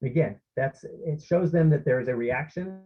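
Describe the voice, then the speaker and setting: A man's voice: on the high side, moderate pace, breathy edge. A man presenting a parenting workshop over a video call, in a conversational way with many fillers and restarts. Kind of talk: informal online workshop talk. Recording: slightly muffled lo-fi audio.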